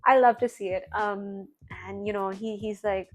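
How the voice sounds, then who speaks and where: Woman, reaction-video host, casual animated recap, mid-range voice, filler-heavy. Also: medium pitch, normal speed, few pauses, faint music behind. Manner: chatty, heavy on "like" and "you know", animated retelling.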